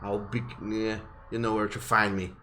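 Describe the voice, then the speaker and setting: A man's voice: fairly low pitch, level tone, moderate pace, sharp tone, a little hiss or hum. A man voicing a brusque, impatient mage. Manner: brusque, dismissive. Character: curt, impatient older male mage.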